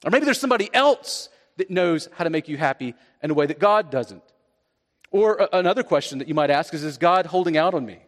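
A man's voice: on the high side, lively intonation, a little fast, big-room sound. A man preaching a sermon as pastor, conversational and rising to emphatic peaks.

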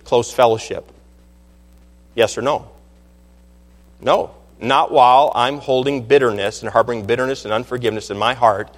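A man preaching a sermon as pastor, emphatic, climbing to loud peaks and dropping low again. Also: in a large hall.

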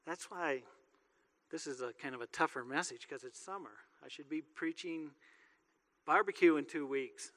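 Bright-voiced preacher man in a reverberant hall. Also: fairly high pitch, expressive, moderate pace. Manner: joking, conversational preaching. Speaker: pastor. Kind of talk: sermon. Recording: long reverb of a large hall.

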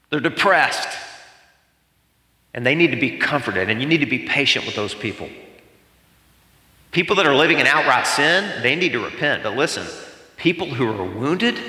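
Bright-voiced male pastor preaching in a hall. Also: on the high side. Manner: expressive preaching with dramatic pauses and rhetorical questions. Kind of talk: sermon. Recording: reverberant hall.

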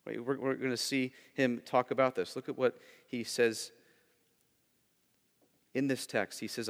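A male pastor preaching a sermon, swinging between loud urgent emphasis and hushed, low intensity, often checking in with "right?". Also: fairly even intonation, a little slow, pauses often, big-room sound. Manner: frequent "right?" check-ins with the congregation.

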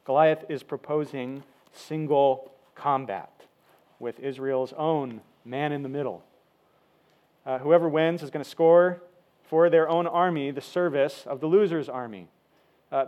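A pastor with a somewhat high, darkish voice preaches a sermon. He explains a scripture passage in an easygoing, conversational style, using frequent fillers.

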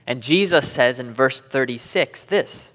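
A man teaching a Bible class lesson, animated, reading scripture aloud with dramatic emphasis and small laughs. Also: medium pitch, a little slow. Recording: long reverb of a hall.

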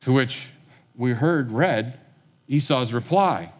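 A man's voice: mid-range voice, animated, normal speed. A male pastor delivers a sermon in an easy, conversational manner, retelling a story and voicing its characters as he goes. His voice sits in a middle register. A long reverb trails each phrase, as in a large hall. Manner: conversational storytelling, acting out quotes.

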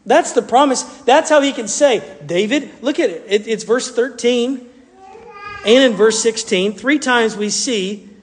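High-voiced male pastor preaching. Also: measured pace. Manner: animated, repeats words and restarts phrases. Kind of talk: sermon. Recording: long reverb from a large hall.

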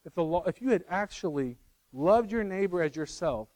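Middle-aged male pastor, chatty sermon delivery, a touch high-pitched, dry recording. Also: animated, normal speed, darkish tone, dry recording, low-quality recording. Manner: conversational, self-correcting, teases the congregation. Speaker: preacher.

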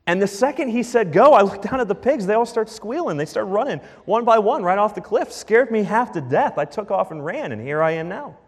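A rattled herdsman, put on by a man in a lowered voice, rushing through a wild story in a folksy, breathless way. It sounds like it was recorded in a large hall with a long reverb. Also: expressive, slightly rough, full character voice.

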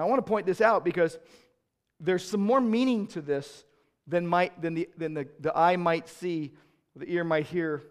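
Pastor guy preaching, kinda high voice, repeats stuff, gets fired up. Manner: repeats key phrases for emphasis, rising to passionate peaks. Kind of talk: sermon.

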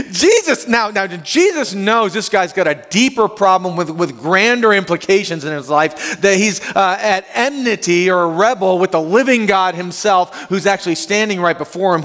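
A male pastor preaching a sermon to a congregation in a conversational, animated way. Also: high-pitched, moderate pace, few pauses. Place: church sanctuary. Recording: long hall reverb.

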